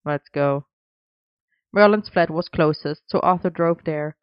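A reader narrating a story in an even, measured way, in a dry, slightly dull recording. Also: mid-range voice, no room sound. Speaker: audiobook reader.

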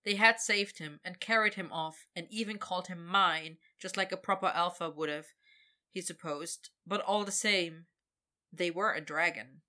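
Female storyteller, bright tone, expressive read-aloud delivery. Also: fairly low pitch, normal speed. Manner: expressive, voices characters. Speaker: narrator. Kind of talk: reading a fantasy story aloud.

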